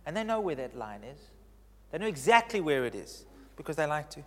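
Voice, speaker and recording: A man preaching in a large church hall, his fairly high voice trailing off into a long reverb. He stresses key phrases by repeating them and swings between loud declarations and near-hushed lines. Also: sing-song, brisk, a little hiss or hum. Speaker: pastor. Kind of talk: sermon.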